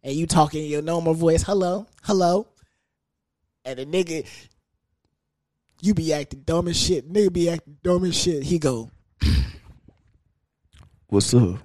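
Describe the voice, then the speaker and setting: A young man hosting a podcast, talking in a crude, animated, comedic monologue that keeps jumping into high sing-song bits. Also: moderate pace, pauses often, no echo. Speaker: podcast host.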